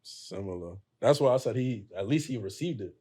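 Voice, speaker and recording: A man's voice: lowish voice, expressive, a little fast, warm tone, husky. A young adult man talking as a podcast guest, earnest and slangy, opening up about family. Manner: earnest, opens up emotionally, slangy. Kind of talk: casual chat.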